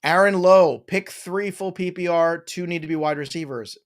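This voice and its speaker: A man's voice: high voice, normal speed. A man hosting a live stream Q&A, reading viewer questions with playful, joking banter.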